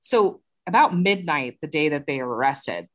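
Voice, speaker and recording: Low female voice, casual podcast host narrating a crime story, chatty and unscripted. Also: animated, moderate pace. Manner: chatty, retells the case with asides and filler.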